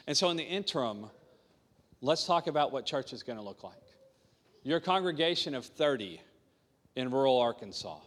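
A man's voice: medium pitch, very animated, moderate pace, pauses often, a bit bright, long reverb tail. A man preaching to a small congregation, telling his own story in an earnest way and repeating his key points. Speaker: pastor. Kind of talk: sermon testimony.

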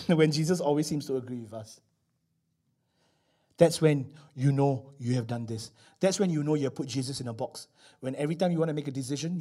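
A man preaches a sermon from the pulpit. His voice sits high for a man. He swings from loud, stressed declarations down to quiet, hushed asides. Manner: emphatic, rising and dropping between loud declarations and hushed asides. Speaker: pastor.

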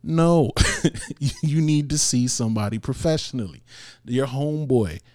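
A man's voice: mid-range voice, a little slow, dark tone, no room sound, clean studio sound. A man hosting a podcast and talking earnestly and encouragingly, often laughing between points and dropping casual slang. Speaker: podcast host. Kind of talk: motivational podcast monologue.

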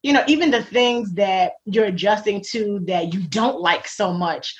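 A woman as an interview guest in casual faith-centred chat, animated and laughing often, acting out the voices she quotes. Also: mid-range voice, normal speed. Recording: dull lo-fi recording.

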